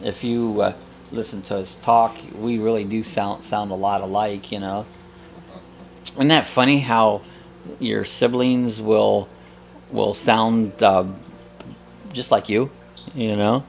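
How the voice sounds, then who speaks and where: A man's voice: fairly low pitch, fairly even intonation, slow pace, creaky, pauses often, a little hiss or hum. A man hosting a live coffee chat, blunt and jokey, laughing often as he reads viewer comments. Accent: American.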